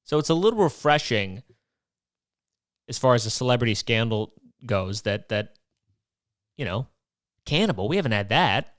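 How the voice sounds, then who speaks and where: A man's voice: medium pitch, very animated, moderate pace, long pauses, no room sound, clean studio sound. A young man hosting a podcast, ranting comically with lots of swearing and rhetorical questions. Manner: profane, rambling, rhetorical questions. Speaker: podcast host. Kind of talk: comedic rant monologue.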